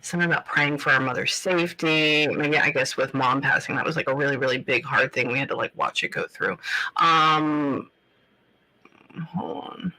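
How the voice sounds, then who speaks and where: A woman giving a live psychic reading on a talk show, pausing often to say hold on and filling her talk with like and um. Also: rumbling low, bright, forceful tone, poor audio. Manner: halting, keeps pausing to say hold on; loose casual talk full of like and um. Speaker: psychic medium.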